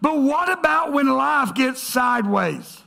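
A male pastor preaching a sermon to his congregation. He is emphatic, rises to shouts, then drops to a hush. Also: very high-pitched, lively intonation, unhurried, gravelly. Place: church stage before a congregation.

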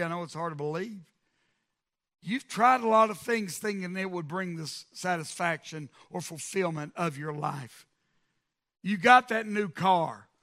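A middle-aged male pastor preaching a sermon, building to emphatic, shouted repetitions. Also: high-pitched, creaky.

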